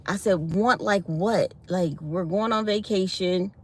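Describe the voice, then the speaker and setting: A woman vlogger telling a personal story in a casual, animated way, laughing often and quoting others. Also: mid-range voice, slow.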